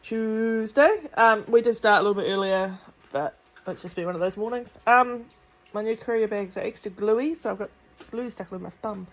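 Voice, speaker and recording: A woman's voice: mid-range voice, fairly even intonation, normal speed. A woman from New chatting casually and playfully on a shop vlog. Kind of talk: casual chat. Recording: faint background noise.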